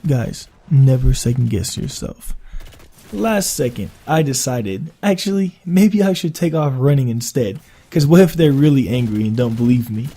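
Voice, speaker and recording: A young man telling a casual, profane story for his vlog in an animated way. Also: mid-range voice, moderate pace. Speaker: vlogger.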